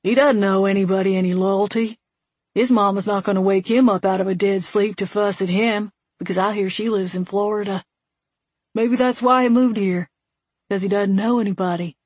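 A woman's voice: medium pitch, steady tone, moderate pace, darkish tone, husky, no echo, natural voice. A woman voicing an easygoing, chatty young male deputy who talks in a rambling, folksy way.

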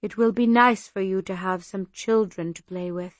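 A woman's voice: mid-range voice, fairly even intonation, normal speed, no echo, close to an everyday voice. A woman voicing an older village man, a grandfather, speaking in short clipped phrases. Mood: plain. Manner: clipped, plain.

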